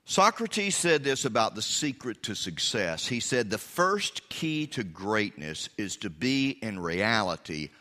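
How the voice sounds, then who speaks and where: A man preaching a sermon as pastor, swinging from loud emphasis to hushed asides. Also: on the low side, sing-song, unhurried, hardly any pauses, long reverb tail.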